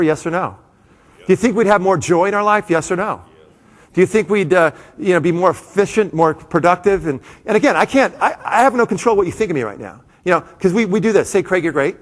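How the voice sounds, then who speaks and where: Guy doing a funny live keynote, talks fast, keeps cutting himself off and poking the crowd, big hall echo. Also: high-pitched. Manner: animated, self-interrupting, quick asides to the audience. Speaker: motivational speaker. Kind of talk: live comedic keynote talk to an audience. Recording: long hall reverb.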